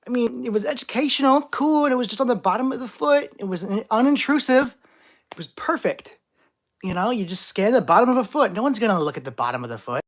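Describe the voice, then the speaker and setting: A man's voice: high-pitched, lively intonation, fast, fairly bright tone. A man hosting a live stream, reading chat questions aloud with playful, jokey overreactions. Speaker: channel host.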